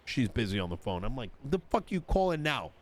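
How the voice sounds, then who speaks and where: Voicing a politician in an online roleplay, this man recounts an argument through quoted dialogue, swearing in exasperation. His mid-range voice swings widely in pitch, and he talks a little fast.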